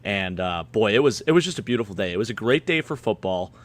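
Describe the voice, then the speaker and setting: A man, slightly hoarse and a bit tipsy, rambling excitedly about his game day. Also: lowish voice, fast talker. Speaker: guest fan panelist. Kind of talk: casual chat.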